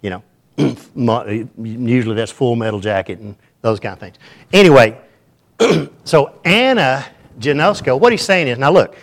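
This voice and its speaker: An older man preaching a sermon, folksy and joking, with quick asides to the congregation. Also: mid-range voice.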